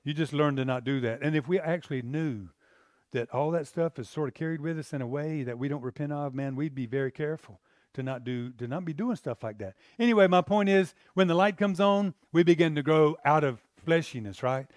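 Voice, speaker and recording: A man with a fairly high voice preaches a sermon in a plain, conversational way. He tells personal stories, acts out his old arguments in animated bursts, and often checks that the listeners are following him. The sound is dry and close. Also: brisk, no echo. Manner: animated storyteller acting out his own past arguments. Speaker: pastor.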